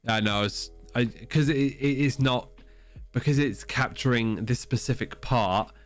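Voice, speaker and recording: A man's voice: mid-range voice, measured pace, soft background music. Swearing, casual young man. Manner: casual, swears freely, mumbly asides. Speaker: podcast co-host. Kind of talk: casual chat on a livestream.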